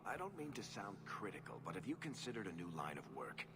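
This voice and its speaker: A man's voice: on the low side, wildly swooping pitch, a little fast, in a large hall, background noise. An actor voicing a sardonic male rogue who teases in a dry way. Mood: teasing. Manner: dry, teasing.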